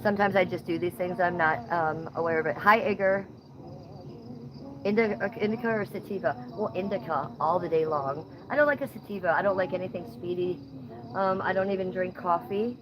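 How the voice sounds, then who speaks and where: A woman's voice: on the low side, brisk, crowd noise, rough recording. A woman from Ohio hosting a casual livestream, reading chat comments outdoors at night, blunt and playfully profane. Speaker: livestream host.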